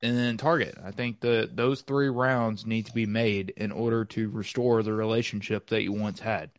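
A man's voice: on the low side, fairly even intonation, moderate pace, dry recording. A man hosting a casual chat from home over a video call, rambling and hesitant, with many fillers. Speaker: host.

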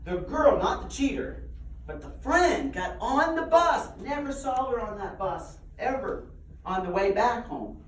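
A man's voice: very high voice, big pitch swings, measured pace, slight background noise. Man, preacher, humorous self-deprecating storytelling, roomy echoey hall, heard from a distance.

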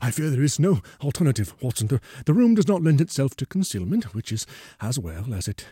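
A man voicing a gravely ill detective who speaks weakly and haltingly, often in a whisper, then pleads urgently. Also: mid-range voice, sing-song, dark tone, no room sound, pitched above the performer's own voice.

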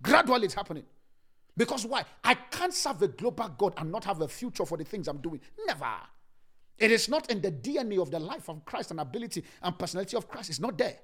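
A male preacher delivers a sermon in a high, animated voice. He repeats key lines for emphasis and swings from loud declarations to hushed asides. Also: fast talker, slightly rough. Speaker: pastor.

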